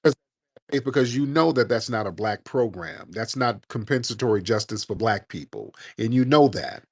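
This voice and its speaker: A man's voice: on the low side, lively intonation, normal speed. A man hosting a call-in show, arguing bluntly and combatively and cursing freely. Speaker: show host. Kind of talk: heated live call-in debate.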